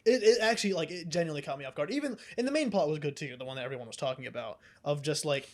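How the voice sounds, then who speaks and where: A man's voice: on the high side, very fast. A young man co-hosting a podcast, telling cartoon plots with lots of laughter and casual swearing. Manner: animated storyteller, laughs often, swears casually. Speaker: podcast co-host. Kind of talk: casual chat.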